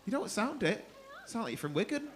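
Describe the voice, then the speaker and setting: A man's voice: high voice, very animated, fairly quick, background noise. A man hosting a comedy club, doing teasing, foul-mouthed crowd work from the stage. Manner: brash, teasing, swears freely.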